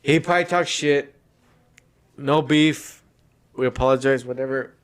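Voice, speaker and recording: A man's voice: medium pitch, a little slow. A man hosting a podcast, telling a story in loose, profane, rambling casual chat. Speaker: podcast host.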